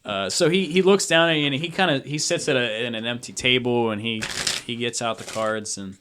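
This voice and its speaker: A man's voice: mid-range voice, brisk, background noise. Casual rambling male game master. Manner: casual, rambling with many fillers. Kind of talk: narrating a tabletop game.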